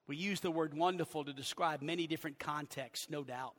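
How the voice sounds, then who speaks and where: A man preaching a sermon as pastor, earnest, dropping to hushed low phrases and rising for emphasis. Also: a little fast. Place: church sanctuary. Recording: long church hall reverb.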